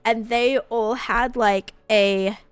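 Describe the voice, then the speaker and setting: Chatty young woman streamer, slightly high voice. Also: steady tone, slow pace, clear, resonant tone, no echo. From New York. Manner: rambling, chatty, thinking aloud. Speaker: gaming streamer. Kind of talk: casual livestream chat while playing.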